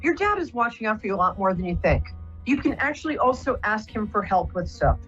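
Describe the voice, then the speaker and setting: A woman hosting a live call-in psychic radio show, reassuring the caller gently and rambling with many fillers. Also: medium pitch, sing-song, fairly quick, soft background music. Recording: muffled lo-fi broadcast audio.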